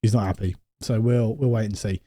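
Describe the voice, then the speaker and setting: A man commentating on his own football management game, excitable and quick to get exasperated. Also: lowish voice, no room sound, clean studio sound. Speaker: gaming YouTuber.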